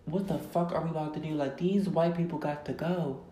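A woman podcast host, ranting loudly and emphatically, full of profanity, with words drawn out for stress. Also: low voice, steady tone, a little fast. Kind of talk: profane casual rant. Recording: echoey room.

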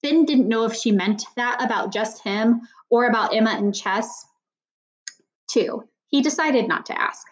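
A woman's voice: a little high, unhurried. Woman narrating a children's novel. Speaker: audiobook narrator. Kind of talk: scripted narration.

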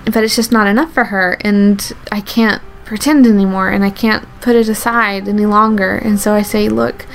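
A woman telling a true personal story with an earnest, halting delivery. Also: mid-range voice, fairly even intonation, vocal fry. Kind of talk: first-person true story told to an audience.

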